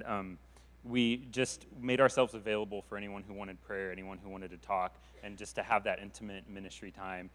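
A man speaking as a youth pastor to a congregation, relaxed and rambling. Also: fairly low pitch. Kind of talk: church talk. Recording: reverberant hall.

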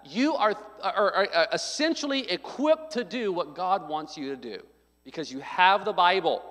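A male pastor preaching a sermon, emphatic and conversational, with frequent restarts and loud stressed points. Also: sits high, long reverb tail.

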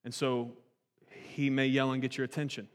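A man in his thirties preaching a sermon in a conversational, animated way, often restarting his sentences. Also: medium pitch, normal speed, long reverb tail. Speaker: pastor.

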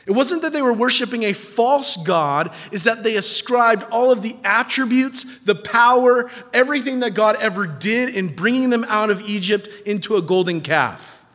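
High-voiced man preaching in a reverberant hall. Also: animated, normal speed, few pauses, fairly bright tone. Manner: emphatic, repeating phrases for stress, with asides to the congregation. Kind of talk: sermon.

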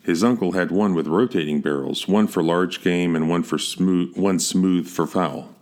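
A man reading a scripted historical narrative in a steady, measured way, with the odd slip and restart. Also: deep voice.

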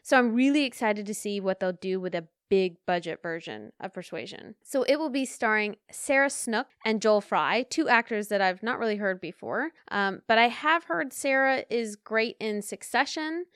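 A woman's voice: medium pitch, lively intonation, normal speed, few pauses, a bit bright, clean tone, no room sound, clean studio sound. Enthusiastic talkative woman podcaster. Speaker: podcast co-host. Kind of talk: casual chat.

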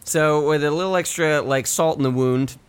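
A man's voice: a little high, slight background noise. Rambling male game master. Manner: halting, many fillers and restarts. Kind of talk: narrating a tabletop game.

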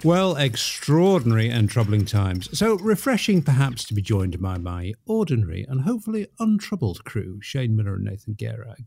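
A man's voice: mid-range voice, animated, fairly quick, gravelly, a little mellow, no echo. Wry male podcast host, dry sound. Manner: jovial, wry, apologetic asides. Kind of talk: casual chat. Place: home, in lockdown.

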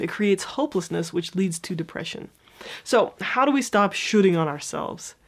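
A woman with a calm, clear voice walks through a self-help lesson. She sounds gently encouraging and keeps an even, explanatory delivery, like a prepared educational video. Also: lowish voice.

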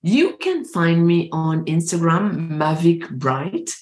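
A woman from France, a mindset coach speaking as an interview guest in earnest, deliberate English. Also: lowish voice, big pitch swings, a little mellow, roomy sound. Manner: earnest, deliberate, slightly non-native phrasing. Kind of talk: interview conversation.

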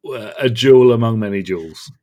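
Man, podcast co-host, eager and chatty, mid pitch. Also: fairly quick, mellow. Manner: enthusiastic, quotes lines with relish. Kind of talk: casual fan chat.

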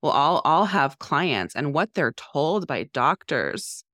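A woman's voice: low-pitched, slow, no echo, studio quality. A woman, a podcast co-host and mental health therapist, talking candidly in casual conversation with many "like" fillers. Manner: candid, animated, frequent "like" fillers.

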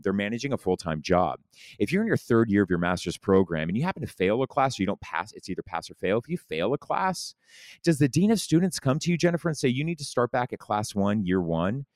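Man, very deep voice, animated and emphatic, swears freely, dry close recording. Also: dry recording. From lived in New York City. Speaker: guest in recovery, news anchor. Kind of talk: candid conversational storytelling.

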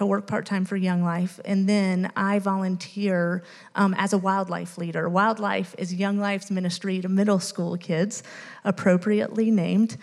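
A woman's voice: mid-range voice, darkish tone, long reverb tail. A woman in her late thirties giving an earnest church testimony with many ums. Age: late 30s. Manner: earnest, many ums, emotional toward the end. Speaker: youth ministry volunteer sharing a testimony.

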